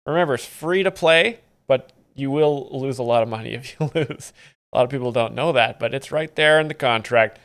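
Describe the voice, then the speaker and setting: A man live-streaming, commenting on comedy clips with dry, mock-expert deadpan. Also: mid-range voice, fairly quick.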